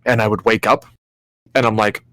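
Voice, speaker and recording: Male co-host, under 40, animated storyteller who swears a lot, dry close mic. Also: on the low side, moderate pace, dry recording. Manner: animated storyteller, swears often, acts out his own reactions. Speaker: podcast co-host. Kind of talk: casual podcast chat.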